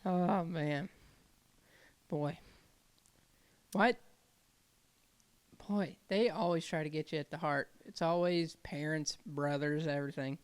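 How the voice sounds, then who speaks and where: A man's voice: fairly high pitch, fairly even intonation, takes it slowly, pauses often, smooth, dry recording. A man co-hosting a podcast, reacting with short exclamations and chatting casually. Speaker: podcast co-host. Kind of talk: casual chat.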